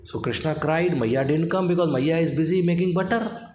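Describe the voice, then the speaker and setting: A man's voice: a little high, normal speed, slight background noise. A man with an Indian English accent giving a devotional lecture, telling a story and acting out the characters' words. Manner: animated storyteller, acts out the child's complaints. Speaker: spiritual lecturer. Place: temple hall. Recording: roomy hall with faint ambience.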